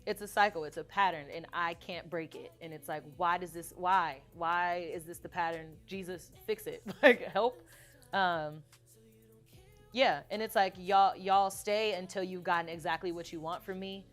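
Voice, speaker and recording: A young adult woman singer-songwriter in a casual interview, telling stories with frequent laughter and reading her own lyrics aloud softly. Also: fairly low pitch, moderate pace, soft background music. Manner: animated storytelling, laughs often.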